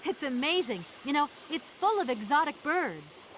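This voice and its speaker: A sharp young lawyer heroine. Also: female voice, sits high, sing-song, slight background noise. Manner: poised, brisk and sharp-tongued. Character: ambitious young New York lawyer woman. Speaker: game protagonist. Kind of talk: video game voice acting.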